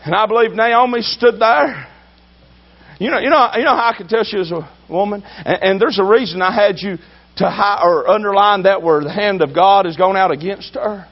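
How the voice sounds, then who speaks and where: High-voiced man preaching a sermon. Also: lo-fi sound. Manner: emphatic, swinging between loud drawn-out shouting and low asides.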